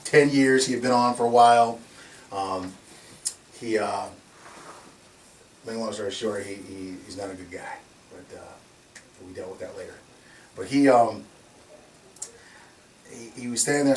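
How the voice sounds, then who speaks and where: A man casually telling a story in an animated way, laughing often and acting out the voices in his quotes. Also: mid-range voice, a little fast, far from the mic, slight background noise. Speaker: security company founder telling a story. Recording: echoey room from off mic, faint ambience.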